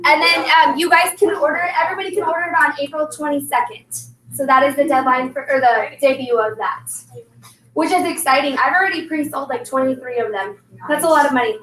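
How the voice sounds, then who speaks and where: A high-voiced woman runs a sales team meeting in a chatty, bubbly way, tossing in plenty of "like" and "um". She is heard from across the room. The room echoes around her. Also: fairly quick, fairly bright tone, recorded from a distance. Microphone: recorded from across the room.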